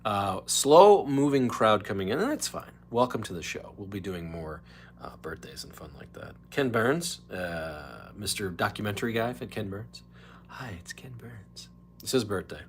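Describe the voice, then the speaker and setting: Man, livestream host, rambling casual talk, low voice, swings up and down a lot. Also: big pitch swings, a little hiss or hum. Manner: rambling, chatty, slips into quick impressions. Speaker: podcast host. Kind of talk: casual solo livestream chat.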